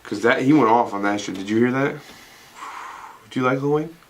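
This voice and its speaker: A man's voice: mid-range voice, a little fast, a little hiss or hum. Profane, rambling young man telling stories. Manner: rambling, profane storytelling with frequent laughs. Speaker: podcast co-host. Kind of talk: casual podcast banter.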